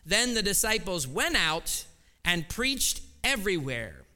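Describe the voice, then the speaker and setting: A man, a pastor, preaching a sermon with scripture reading and prayer, building to loud, emphatic repeated phrases in a church. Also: sits high, very animated, measured pace. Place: church sanctuary. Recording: long reverb of a large hall.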